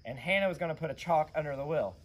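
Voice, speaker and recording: Hoarse male vlog host, slightly high, animated rambling delivery. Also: quick pace. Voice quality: raspy. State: hoarse from yelling. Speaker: channel host, custom car builder. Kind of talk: casual vlog storytelling.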